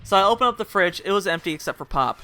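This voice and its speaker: A man's voice: high voice, expressive, rapid-fire, pushed and bright, slight background noise. A young man telling a rambling, casual story to his viewers and laughing at himself. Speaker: vlogger.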